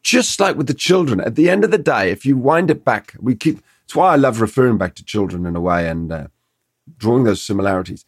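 Animated middle-aged man telling dog stories. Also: mid-range voice, brisk, breathy edge, no room sound, clean studio sound. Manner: animated storyteller, acts out dog and owner quotes. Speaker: dog trainer guest. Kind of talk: podcast conversation.

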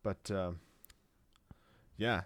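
A man with a very low voice chatting casually as a co-host. He rambles, restarts his sentences and leans on filler words. The sound is dry and close. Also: fairly even intonation, drawn-out words, fairly bright tone, no room sound. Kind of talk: casual chat.

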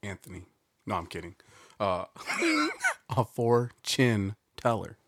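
A man's voice: on the low side, wildly swooping pitch, slow, fairly bright tone, breathy edge. A man co-hosting a podcast, telling jokes in a loose, laughing, casual chat. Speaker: podcast co-host.

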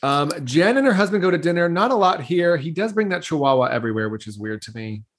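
A woman's voice: sits low, lively intonation, fast, slightly rough. A woman co-hosting a casual podcast, walking through a TV episode's events with playful laughs. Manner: storytelling recap, frequent laughs, playful. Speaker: podcast co-host. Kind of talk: casual chat recapping a TV episode.

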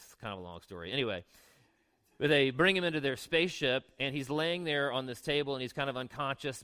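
A younger man, a pastor, preaching a sermon in a relaxed, conversational way, mixing scripture readings with asides and questions to the congregation. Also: mid-range voice, smooth.

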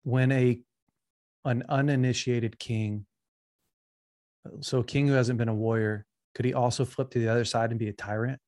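A man's voice: mid-range voice, fairly even intonation, moderate pace, pauses often, a little mellow, dry recording, clean studio sound. A man hosting a podcast who listens, then asks thoughtful questions. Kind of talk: podcast conversation.

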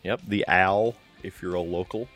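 A man's voice: deep voice, steady tone, moderate pace, fairly bright tone, faint music behind. A middle-aged radio DJ and weatherman, a man, guesting on a podcast in a playful, jokey way. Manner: playful, jokey, breaks into mock voices. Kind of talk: casual podcast chat.

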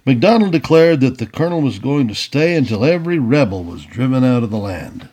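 A man reading a historical story aloud as a storyteller, lively, with casual asides. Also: medium pitch, a little fast, slightly rough.

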